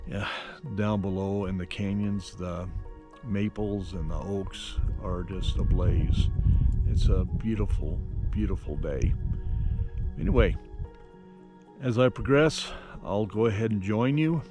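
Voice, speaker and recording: A man's voice: on the low side, slow, over music. A middle-aged man, a nature photographer, talking casually to camera at a mountain overlook, rambling with plenty of fillers. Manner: relaxed, rambling, many fillers. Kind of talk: casual outdoor vlog narration.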